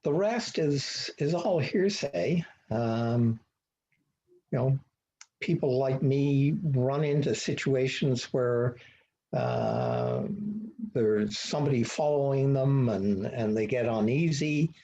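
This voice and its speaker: A man's voice: medium pitch, expressive, slow pace, warm tone. An older man telling rambling sailing anecdotes in a meetup talk, acting out the dialogue with lots of fillers. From Ottawa, Canada. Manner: rambling storyteller who acts out dialogue, many fillers. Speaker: guest speaker. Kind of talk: anecdotal presentation on an online meetup. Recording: dull lo-fi online call audio.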